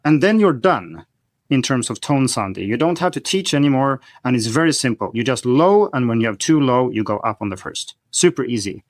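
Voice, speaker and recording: A man's voice: mid-range voice, sing-song, brisk, no echo, clean studio sound. A man speaking as a podcast guest, explaining a language-learning topic in a methodical, teacherly way. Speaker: guest expert on learning Chinese. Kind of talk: podcast conversation.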